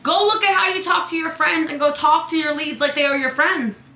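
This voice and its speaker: Bright, high-voiced, sassy woman coach. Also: fairly quick, roomy sound. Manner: chatty, playful, sassy, peppered with "like" and "okay?". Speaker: business coach. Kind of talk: live Q&A coaching chat. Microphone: webcam.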